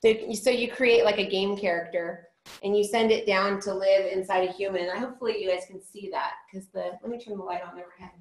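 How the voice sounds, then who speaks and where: A woman's voice: mid-range voice, steady tone, a little fast, echoey room, low-quality recording. A woman teaching an informal online spiritual class in a rambling, chatty way, restarting her sentences often.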